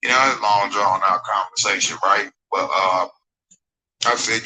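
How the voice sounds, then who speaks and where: A man's voice: steady tone, normal speed, pushed and bright, low-quality recording. A man telling a rambling, profane story in a livestream rant, acting out both sides of a conversation. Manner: retells exchanges in a raised, pitched-up voice.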